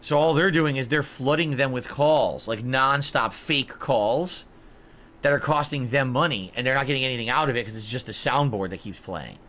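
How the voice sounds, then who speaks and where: A man's voice: medium pitch, moderate pace, a bit bright. A man hosting a live stream and reacting to videos with rambling, puzzled commentary. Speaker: streamer host.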